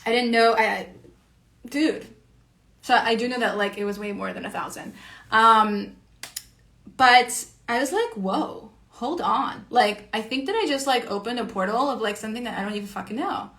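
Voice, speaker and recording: An online creator and educator talks in a casual, rambling monologue, swearing freely and using "like" constantly. Her voice is on the high side, expressive and a bit bright, at normal speed.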